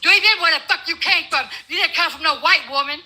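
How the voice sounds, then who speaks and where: A woman's voice: extremely high pitch, quick pace, bright, forceful tone, rough recording. An older woman arguing as a guest in a heated livestream debate, blunt, confrontational and full of profanity.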